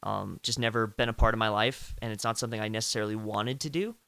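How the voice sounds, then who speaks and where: A young man in his twenties with a bright, crisp voice, hosting a relaxed chat. He speaks earnestly and at length, often dropping low and quiet at the ends of his thoughts, recorded dry and close. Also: quick pace, no room sound. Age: 20s. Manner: earnest and talkative, trailing off low. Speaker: host, interviewer. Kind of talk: casual video call chat.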